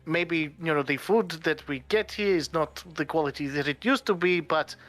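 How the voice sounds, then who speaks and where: A man voicing an earnest young man who speaks calmly in formal phrasing. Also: on the high side, normal speed, natural voice. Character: earnest young man defying his family.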